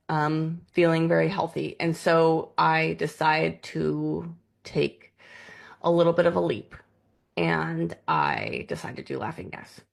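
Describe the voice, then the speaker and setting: A woman telling a personal experience in a vlog, animated and lively, acting out the voices of people she quotes. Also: sits low, vocal fry. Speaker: vlogger.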